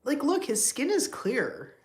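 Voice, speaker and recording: A woman's voice: sits high, huge pitch swings, a little slow, darkish tone. A woman hosting a casual livestream with her cats, chatting to viewers, laughing often and cooing at the cats in baby talk. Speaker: livestream host with pet cats.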